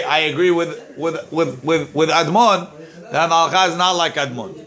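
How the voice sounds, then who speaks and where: A male rabbi teaching Talmud in a fairly high, bright voice. He moves between the text and English explanation and often repeats a word while he searches for the next. He acts out the quarrelling claimants with sudden raised lines. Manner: switches between Hebrew-Aramaic text and English. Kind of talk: Talmud class, reading and translating.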